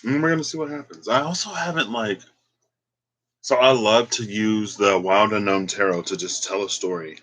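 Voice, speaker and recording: Tarot guy vlogging, low bright voice, slow and rambly, kinda teary and emotional. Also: low-quality recording. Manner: rambling, chatty, unsure of himself. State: emotional, on the verge of tears. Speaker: tarot reader. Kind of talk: casual tarot reading vlog.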